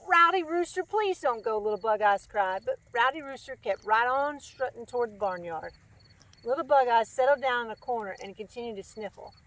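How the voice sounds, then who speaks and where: A woman's voice: on the high side, fairly quick, dry recording. Friendly woman reading a storybook aloud. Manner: friendly and chatty, with fillers. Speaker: storytime reader and host. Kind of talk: reading a children's picture book aloud.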